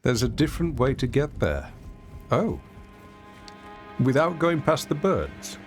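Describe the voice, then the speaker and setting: Playful man giving lively game commentary. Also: mid-range voice, measured pace, faint music behind. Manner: playful, self-mocking, chatty, with laughs. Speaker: streamer playing a video game. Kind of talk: casual gameplay commentary.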